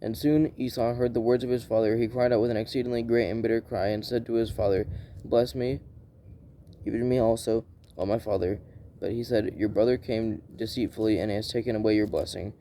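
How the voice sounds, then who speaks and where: A man reading scripture aloud in a plain, unhurried way, often restarting and correcting himself. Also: fairly low pitch, steady tone, dark tone, a little hiss or hum. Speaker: Bible reader.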